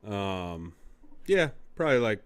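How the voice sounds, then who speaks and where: A man's voice: fairly low pitch, big pitch swings, slow pace, smooth. A man co-hosting a podcast in casual chat, easygoing and rambling, with lots of fillers. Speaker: podcast co-host.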